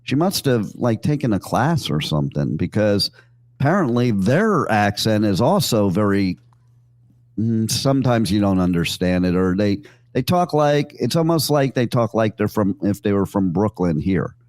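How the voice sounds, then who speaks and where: A man's voice: on the low side, sing-song, normal speed, a little mellow, dry recording. A man hosting a radio show, telling loose, joking stories with many fillers and asides. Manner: rambling, jokey, full of fillers and asides. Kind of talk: casual on-air storytelling. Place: radio studio.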